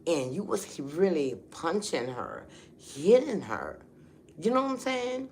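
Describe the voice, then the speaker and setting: A woman's voice: fairly low pitch, big pitch swings, takes it slowly, darkish tone, slight background noise. A middle-aged woman telling a story on a casual livestream, emphatic and heated, often saying "you know". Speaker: livestream host.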